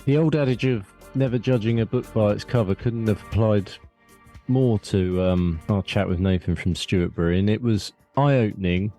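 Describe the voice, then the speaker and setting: A man co-hosting a casual podcast, talking in a relaxed, thoughtful way with small hesitations. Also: fairly low pitch, moderate pace, soft background music. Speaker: podcast co-host.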